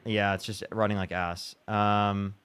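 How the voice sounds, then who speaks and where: A man's voice: on the low side, flat delivery, unhurried, a bit bright, smooth. A man hosting a livestream, talking casually and frustrated, swearing and restarting his sentences. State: upset after a bad day. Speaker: livestream debate host.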